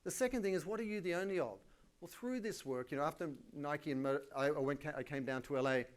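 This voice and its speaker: Energetic Australian man giving a keynote. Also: fairly high pitch, fast talker. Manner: energetic, colloquial, self-deprecating. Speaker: keynote speaker. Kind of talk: live conference talk.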